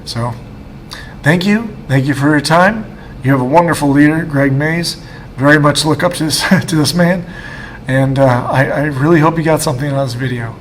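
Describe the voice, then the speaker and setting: A man in his thirties giving a personal faith testimony, halting and emotional, with many restarts. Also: on the high side, a little hiss or hum. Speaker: guest speaker.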